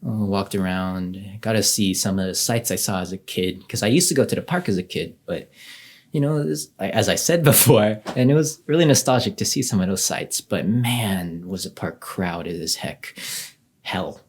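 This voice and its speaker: A man's voice: low voice, normal speed. A young man telling a casual story as a vlogger, chatty, with lots of fillers and light laughs.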